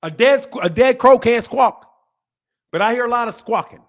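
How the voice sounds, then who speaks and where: High-voiced man ranting about boxing. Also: expressive. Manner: heated, mocking, drawn-out emphasis. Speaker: boxing channel host. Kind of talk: live-stream commentary.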